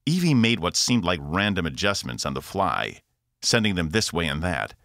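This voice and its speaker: Male author-narrator, deep voice, very expressive pitch. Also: normal speed, vocal fry, dry recording, clean studio sound. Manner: expressive, varied delivery. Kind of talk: scripted narration.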